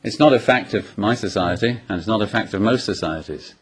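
A man's voice: fairly low pitch, fairly quick, husky. A man preaching an expository sermon, asking the congregation rhetorical questions and illustrating points with personal anecdotes.

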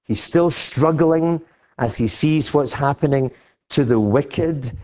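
Older Scottish male preacher, slow deliberate delivery, impassioned and emphatic. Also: a little high. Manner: impassioned preaching, rising to loud emphatic declarations. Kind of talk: sermon.

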